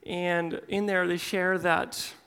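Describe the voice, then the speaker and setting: A man's voice: high-pitched, level tone, slow pace, vocal fry, pushed and bright, clear, resonant tone. A man speaking to a church men's group, reading a personal letter aloud and then addressing the group in an earnest, heartfelt way.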